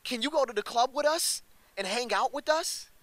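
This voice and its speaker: A man's voice: very high-pitched, animated, normal speed, fairly bright tone, dry recording, voice pushed up. A man voicing a drunk, pushy club promoter, eager and wheedling.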